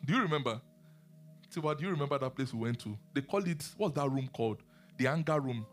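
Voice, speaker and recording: A man preaching a sermon and teaching the Bible, animated, asking his listeners questions and laughing often. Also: medium pitch, quick pace, faint music behind.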